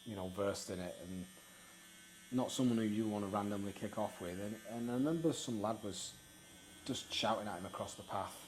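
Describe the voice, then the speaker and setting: Low-voiced man, reflective host. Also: a little fast, a little hiss or hum, poor audio. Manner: reflective, storytelling. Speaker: podcast host. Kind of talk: casual interview chat.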